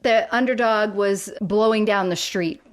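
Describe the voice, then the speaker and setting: A woman co-hosting a podcast in casual chat, lively and full of quick asides. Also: medium pitch. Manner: chatty, animated, quick asides. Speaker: podcast co-host.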